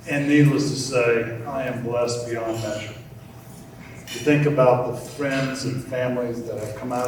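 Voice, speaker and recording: An older man giving a heartfelt acceptance speech with gentle, storytelling humor, at a podium in a large event hall. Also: mid-range voice, a little hiss or hum. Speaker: award honoree. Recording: echoey hall from far off.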